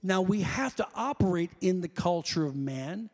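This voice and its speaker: A man's voice: sits high, expressive, normal speed, long reverb tail. A male pastor preaching a sermon in a church, telling stories in a loose, conversational way with restarts and calling out to his congregation. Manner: conversational, rambling storytelling with self-corrections; calls out to congregation.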